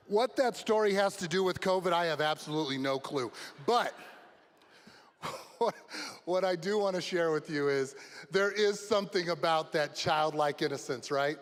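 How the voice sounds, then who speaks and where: A high-voiced man tells a story at a graduation ceremony, building excitement and shouting at the wild moments. His voice carries the long reverb of a big venue. It is a speech to a crowd, not a chat. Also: normal speed. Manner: animated, shouting the exciting parts. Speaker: graduation speaker. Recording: long reverb of a large hall.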